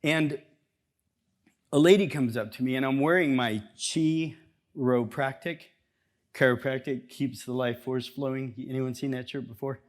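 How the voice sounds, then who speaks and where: In a seminar room before an audience, a male chiropractor speaks at a measured pace in a mid-range voice. His delivery is lively and chatty, and he performs bits of dialogue along the way.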